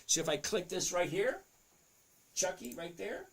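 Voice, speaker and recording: Man, casual livestream host, gravelly voice, a little high, chatty, answers chat. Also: sing-song, a little slow. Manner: chatty, reads chat names aloud, talks to himself over charts.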